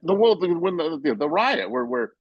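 A man on a casual podcast, telling stories with animated, loud acted-out quotes. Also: sits high, normal speed, gravelly, slightly rough, dry recording, highs cut off. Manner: animated storyteller, acts out quotes loudly. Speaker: podcast guest, basketball writer.

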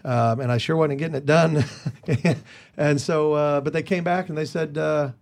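A man as an interview guest, telling stories casually and with energy, jumping higher in pitch when he quotes others. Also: normal speed, gravelly. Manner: animated, jumps higher when quoting others; chatty with many restarts. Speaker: guest comedian.

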